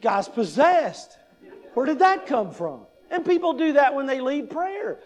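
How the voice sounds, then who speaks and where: In a very high-pitched voice full of big pitch swings, a pastor in his fifties speaks at a measured pace. His conversational talk teaches public speaking, and he often asks "right?" with wry humor mixed in.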